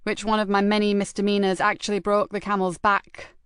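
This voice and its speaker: A woman's voice: medium pitch, completely flat delivery, brisk, a bit bright, clean tone, dry recording, studio quality, natural voice. A woman reading an audiobook, voicing a sarcastic, defiant female detective inspector with a raised, emphatic delivery. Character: hard-drinking, sardonic female detective inspector. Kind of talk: audiobook character voice.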